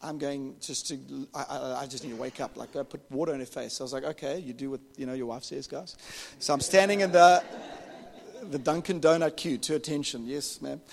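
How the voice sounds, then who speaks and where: A man preaching a sermon as pastor, telling an animated story and joking with the congregation. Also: mid-range voice, fairly quick, creaky. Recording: reverberant hall.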